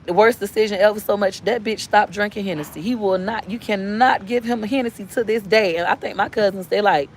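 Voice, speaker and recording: A woman and mother giving a blunt, profane parenting rant to her followers, rising to near-shouts for emphasis. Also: medium pitch, a little hiss or hum. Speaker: mother and online seller. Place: inside a car.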